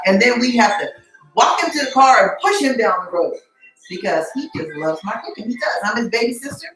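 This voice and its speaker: Animated woman hosting a home cooking stream. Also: mid-range voice. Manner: animated, teasing, talks to viewers by name. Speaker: host of a live cooking stream. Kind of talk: casual live cooking chat. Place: home kitchen. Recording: echoey kitchen.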